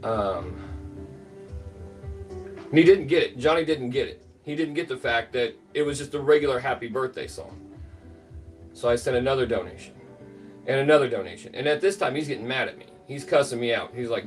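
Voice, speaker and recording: A man's voice: medium pitch, lively intonation, fairly quick, long pauses, recorded from a distance, soft background music. Rambling middle-aged man telling a story. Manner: rambling, filler-heavy, greets chat by name. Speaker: livestream host. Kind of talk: casual storytelling on a livestream.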